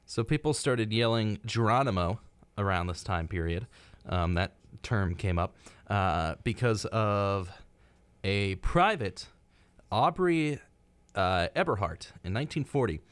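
A man's voice: lowish voice, a little slow, clear, resonant tone, dry recording. A young man co-hosting a college radio show, chatting casually with plenty of fillers. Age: young adult. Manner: relaxed, lively, chatty with fillers. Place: radio studio. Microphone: studio microphone.

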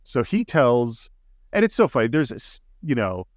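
A man's voice: medium pitch, very animated, moderate pace, no echo. An enthusiastic man walks through scenes of a movie on a casual podcast. His voice sits mid-range, and the recording is dry and close, with no room sound. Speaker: podcast co-host. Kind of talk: casual film discussion.

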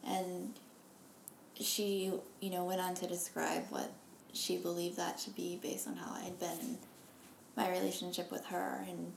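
Woman talking slow and thoughtful, gravelly voice, echoey room. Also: fairly low pitch, little pitch movement. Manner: thoughtful, measured, trails off softly. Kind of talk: casual reflective chat. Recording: echoey room with faint noise.

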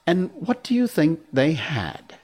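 A man doing a gentle young girl storyteller. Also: a little high, big pitch swings, slow pace, slightly rough, voice pushed up, full character voice. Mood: storytelling.

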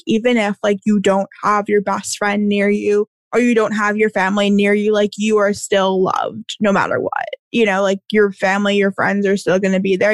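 A woman's voice: mid-range voice, no room sound. A woman in casual podcast chat, earnest and full of filler words.

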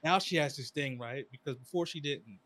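A young man chatting casually as a podcast co-host, rambling through stories with slang and sudden animated bursts. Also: medium pitch, a little fast. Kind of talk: casual chat.

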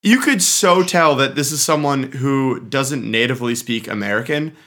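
A man's voice: mid-range voice, normal speed, sharp tone. A man reviewing a film on a podcast in casual chat, emphatic and opinionated.

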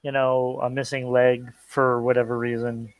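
A man's voice: mid-range voice, little pitch movement, normal speed, dry recording, muffled recording. A man co-hosting a pop culture podcast, chatting casually, plugging the show's channels and joking around. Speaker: podcast co-host. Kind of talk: casual chat.

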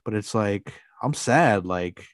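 A man's voice: lowish voice, lively intonation, slow pace, no room sound, clean studio sound. A man co-hosting a podcast, talking earnestly and rambling with lots of fillers in casual chat. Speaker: podcast co-host.

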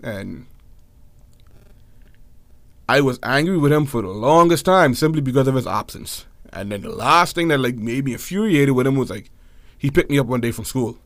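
A young man telling a personal story in casual chat, animated and acting out quotes. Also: moderate pace, long pauses, no room sound. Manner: animated, acts out quotes in high voices.

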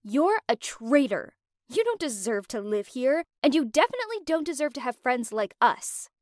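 A woman's voice: sits high, sing-song, moderate pace, dry recording, studio quality. A woman voicing a vindictive, jealous teenage rich girl who talks in a sarcastic, accusing way. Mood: bitter.

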